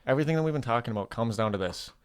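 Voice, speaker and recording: A man's voice: medium pitch, expressive, very fast, smooth. A man in casual podcast conversation, earnestly giving advice. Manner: earnest, gives advice and life lessons. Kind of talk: casual chat.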